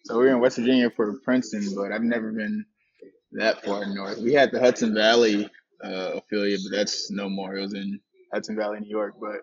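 A man from the Atlanta area who is a minor league pitcher, talking in a relaxed, hesitant way and often saying "like". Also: brisk, creaky, dull audio. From Atlanta area, USA. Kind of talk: casual interview.

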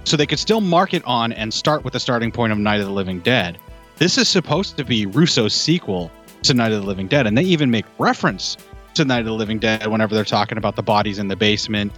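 A man's voice: lowish voice, lively intonation, fast talker, a bit bright, faint music behind. A man chatting casually about an old horror film, talkative and loose, filling his sentences with "like" and "you know". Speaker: film podcast co-host.

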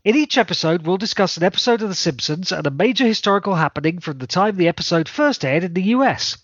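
A man's voice: sits high, expressive, fast, hardly any pauses, a bit bright, husky, no room sound, dull audio. A man co-hosting a podcast, chatting enthusiastically and jokily, reeling off long lists of facts. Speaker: podcast co-host. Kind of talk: casual chat.

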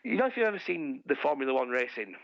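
A man's voice: mid-range voice, very animated, fast talker, vocal fry, dry recording. A man telling a bawdy, sweary story in casual chat, laughing as he goes, on dull lo-fi podcast audio.

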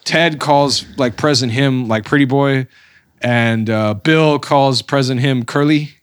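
A man's voice: medium pitch, a little slow, smooth. Laughing, profane man recapping a film. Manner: laughing, profane, acts out quotes. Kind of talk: casual film recap chat.

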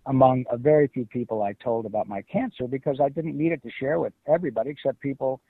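A middle-aged man from Detroit, telling stories as an interview guest in an animated, emphatic way. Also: mid-range voice, fast, husky, no room sound. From Detroit, USA. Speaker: guest voice actor. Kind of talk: casual interview. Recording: tinny phone-like line.

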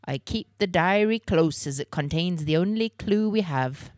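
A woman voicing a hearty, booming old Scottish laird with a rich Scottish accent. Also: animated, normal speed, no echo, studio quality, natural voice.

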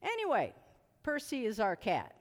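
Preaching a sermon in a reverberant hall, a woman's high voice leaps across her range and rings with a long echo. She sounds bright and unhurried, sometimes shouting commands at spirits with animation, sometimes settling into chatty storytelling full of asides.

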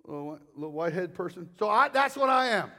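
Older male evangelist, high-pitched, lively, jokey sermon delivery. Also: fast talker. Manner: animated, joking, acts out crowd voices. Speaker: guest preacher.

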